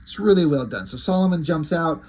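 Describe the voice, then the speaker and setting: Husky, rambling comic-book reviewer man. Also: a little high, expressive, a little fast, a little mellow. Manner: rambling, hesitant, enthusiastic.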